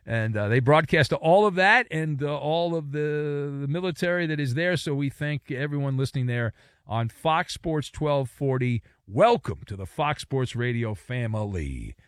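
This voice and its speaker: Brief: male radio host, playful ribbing, animated pitch, bone-dry studio sound. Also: moderate pace, no echo. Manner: jokey, teasing banter with callers. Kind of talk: call-in radio show. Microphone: studio microphone.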